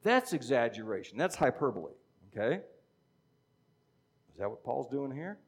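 A man's voice: mid-range voice, big pitch swings, moderate pace, breathy edge. A middle-aged man preaching a sermon in a conversational teaching style, often checking in with "okay?". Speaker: pastor.

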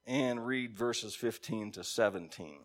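A man preaching a sermon and reading scripture, with emphatic stresses, sudden quiet drops and conversational asides to his congregation. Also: unhurried. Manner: emphatic, swinging between loud stresses and low quiet drops. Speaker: pastor.

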